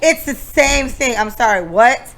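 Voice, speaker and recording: A young adult woman co-hosting a podcast, telling a long story in casual chat, animated and profane, often laughing. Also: a little high, unhurried, creaky, a crowd in the background. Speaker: podcast co-host.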